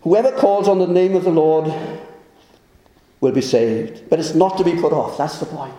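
A man delivers a sermon in a high but mellow voice, pressing his listeners with earnest urgency. He slows right down to quote scripture. The hall around him rings with heavy echo. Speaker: preacher.

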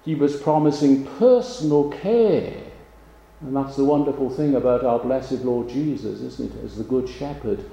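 A man preaching a sermon in a slow, measured way, leaning on pauses for emphasis. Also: mid-range voice, gravelly, mellow. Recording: roomy, echoey sound.

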